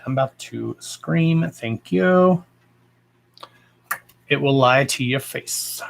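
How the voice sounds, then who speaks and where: A man's voice: medium pitch, slow pace, gravelly, long pauses, rough recording. A man with a Texan accent hosting a casual live stream, chatting freely, greeting viewers with endearments and swearing offhandedly. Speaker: psychic live-stream host.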